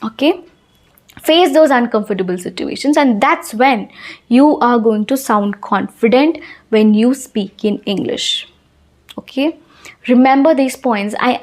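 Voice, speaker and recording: A woman's voice: a little high, a little mellow. Earnest woman coaching spoken confidence. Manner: earnest, repeats points for emphasis. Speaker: English-speaking coach. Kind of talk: motivational talk to camera.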